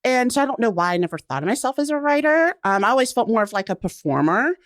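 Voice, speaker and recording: A writer in her forties, appearing as a guest in a casual interview, tells her story expressively in a fast, high voice, acting out the lines she quotes and laughing often. The recording is dry and of studio quality.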